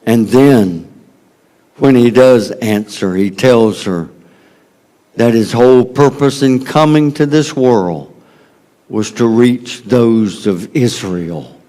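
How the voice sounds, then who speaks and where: Slow, dramatic Southern preacher man. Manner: dramatic, swings from loud emphasis to hushed low tones. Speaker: pastor. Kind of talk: sermon.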